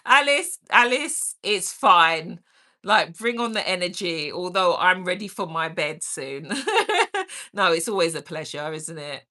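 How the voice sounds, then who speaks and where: Woman host, lowish bright voice, slow unhurried chat, energetic and caring. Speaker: livestream host. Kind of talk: casual livestream chat, reading out viewer comments.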